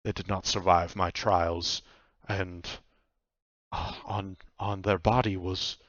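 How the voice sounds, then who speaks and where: A man's voice: deep voice, flat delivery, slow pace, fairly bright tone, no room sound, lo-fi sound, heavily acted. Man doing a stammering cloaked nightmare spirit. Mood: hesitant. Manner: hesitant, stumbling over words.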